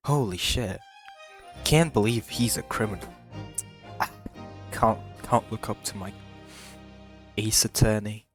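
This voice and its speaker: A man's voice: lowish voice, takes it slowly, long pauses. A man streaming a game, reading its text aloud and reacting with giggles and stumbles. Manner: giggly, excitable, stumbling over words. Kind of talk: casual let's-play commentary. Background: game music.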